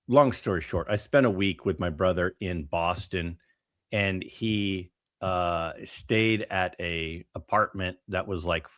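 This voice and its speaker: A man co-hosting a casual podcast, telling stories in an animated way with lots of fillers and restarts. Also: sits low, no room sound, studio quality. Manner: animated, storytelling with many fillers. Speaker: podcast co-host.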